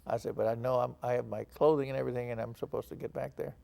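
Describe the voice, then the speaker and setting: Older guy from texas, gravelly low voice, telling old stories, does the voices of people he quotes. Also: steady tone, racing, dark tone. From San Antonio, Texas. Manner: storytelling, acts out quoted dialogue. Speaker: veteran interviewee. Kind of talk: oral history interview.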